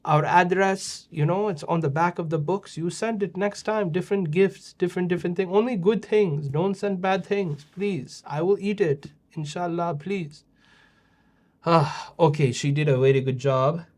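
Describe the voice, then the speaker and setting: A man's voice: high-pitched, normal speed, darkish tone. A middle-aged man hosting a kids' show, judging their videos with playful teasing and mock-scolding. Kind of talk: casual chat.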